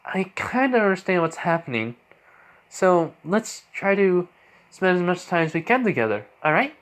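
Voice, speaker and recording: A man putting on a gentle young girl. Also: sits high, sing-song, moderate pace, voice pushed up. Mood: tender.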